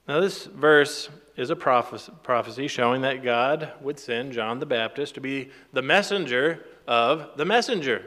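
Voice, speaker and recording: A man's voice: mid-range voice, a little slow, few pauses, a bit bright, big-room sound. A man teaching a sermon from the Bible, reading scripture aloud with rising emphasis and then explaining it plainly. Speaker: preacher.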